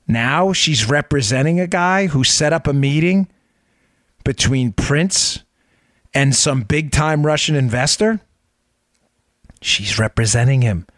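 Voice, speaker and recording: A man's voice: on the high side, expressive, a little slow, a bit bright, no room sound, clean studio sound. A middle-aged man hosting a political commentary podcast, talking in an emphatic, incredulous way and repeating his points for effect. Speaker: podcast host.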